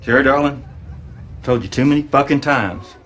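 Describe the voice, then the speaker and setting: Guy playing a cussing texan boss, thick drawl, bright sharp voice, choppy pauses. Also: mid-range voice, close to an everyday voice. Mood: scolding. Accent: Texas. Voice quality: brash, halting with little pauses. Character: gruff foul-mouthed Texan man barking at dancers.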